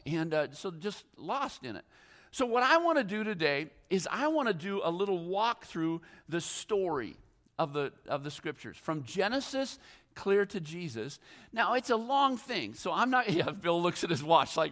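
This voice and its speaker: A male pastor preaches a sermon in a high, sing-song voice at a moderate pace, with a slightly bright tone. He tells rambling, self-deprecating stories, full of fillers and restarts. The recording carries the long reverb of a large hall.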